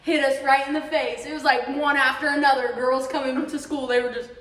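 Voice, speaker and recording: Young woman, high voice, animated storyteller, laughs a lot, echoey room, distant mic, faint hiss. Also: brisk. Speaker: podcast co-host. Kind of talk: casual storytelling chat.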